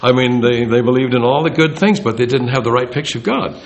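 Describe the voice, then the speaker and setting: A man giving an informal Bible talk, conversational and animated, acting out the quoted speech. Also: mid-range voice, fast. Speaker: Bible teacher.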